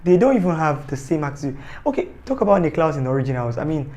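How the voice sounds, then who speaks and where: A man's voice: a little high, big pitch swings, quick pace, darkish tone. A man giving a casual, rambling, joking review of a TV series, often correcting himself. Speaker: TV show reviewer.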